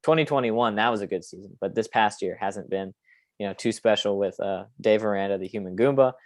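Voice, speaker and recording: Brief: young male podcast host, low voice, dry close mic, opinionated, rambling. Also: brisk, dry recording. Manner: opinionated, rambling with frequent fillers. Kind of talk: casual sports podcast chat.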